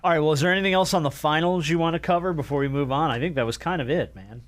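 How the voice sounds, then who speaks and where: A man's voice: a little high, rapid-fire. A man hosting a casual sports podcast in an easygoing way, moving the talk from topic to topic. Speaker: podcast host.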